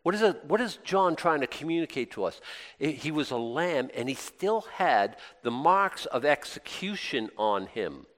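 A man preaching a conversational sermon, asking his listeners questions and breaking into excited bursts. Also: a little high, moderate pace. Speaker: pastor. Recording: long hall reverb.

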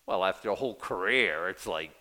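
A man's voice: low voice, animated, brisk, sharp tone, a little hiss or hum. An older man in his sixties preaching a sermon in a conversational way, acting out quotes in little voices. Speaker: pastor.

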